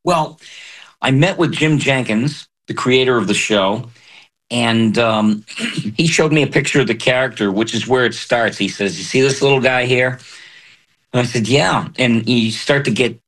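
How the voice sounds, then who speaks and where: A man who is a voice actor, speaking earnestly and haltingly as a guest in an interview. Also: mid-range voice. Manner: halting, earnest, soft-spoken. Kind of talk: candid interview talk.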